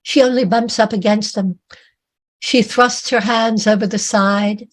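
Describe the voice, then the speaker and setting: A woman author reads her own fiction aloud at an unhurried pace. Her delivery is measured and dramatic. She lets each phrase land before moving on. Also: medium pitch, fairly even intonation. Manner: slow, measured dramatic reading.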